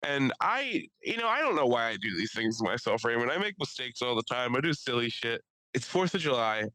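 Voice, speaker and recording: Bright-voiced rambling man telling stories. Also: medium pitch, sing-song, brisk, no room sound, low-quality recording. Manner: rambling, profane, laughs often. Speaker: podcast co-host. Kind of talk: casual storytelling chat.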